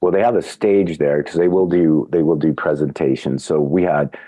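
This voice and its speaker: A middle-aged man with a low, warm voice tells a story to podcast hosts. He acts out the quotes with sudden jumps up in pitch, then drops back into an easy conversational tone. The sound is dry and close to the mic. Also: steady tone, normal speed, no echo. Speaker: podcast guest. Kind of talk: casual anecdote telling.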